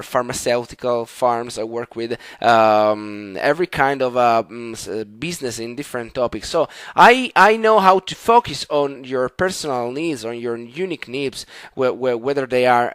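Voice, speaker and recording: An Italian man with a noticeably raised pitch teaches his language to the camera, eager and warm in intent but full of restarts and fillers. The sound is dry and close, with no room around him. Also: no echo. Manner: enthusiastic, hesitant with fillers and restarts. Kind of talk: online language lesson.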